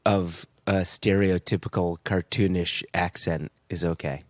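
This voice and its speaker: A man's voice: sits low, fairly even intonation, measured pace. A middle-aged man co-hosting a podcast, playful and jokey, swearing freely in casual chat. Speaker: podcast co-host.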